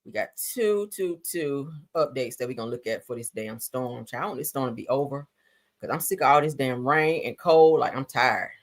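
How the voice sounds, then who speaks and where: A low-pitched woman with hosts a casual live stream. Her pitch swings widely as she reacts to the clips, and she drops swear words and playful asides as she goes. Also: moderate pace. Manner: animated, swears freely, laughs, playful asides. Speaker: commentary show host.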